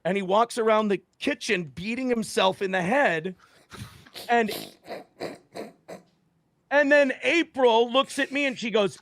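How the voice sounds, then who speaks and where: A man's voice: very high voice, a little slow, creaky, pauses often, no room sound. Blunt, profane man in his forties. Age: 40s. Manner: blunt, profane, animated retelling with quoted voices. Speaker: guest. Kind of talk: casual storytelling on a stream.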